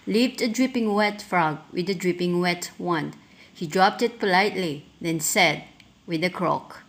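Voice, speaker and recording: A woman reading a rhyming picture book aloud, rhythmic and expressive. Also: fairly low pitch. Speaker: storyteller.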